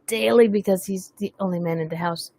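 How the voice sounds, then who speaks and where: A woman's voice: mid-range voice, a little fast, creaky, dark tone. A woman hosting a webcast, chatting casually, teasing herself and laughing often. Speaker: webcast host. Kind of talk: casual chat.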